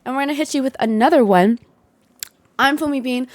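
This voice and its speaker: A woman's voice: fairly quick, darkish tone, no echo. A young woman hosting a casual live stream from her desktop setup, bubbly and full of hype. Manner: bubbly, hype, high-energy. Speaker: livestream host.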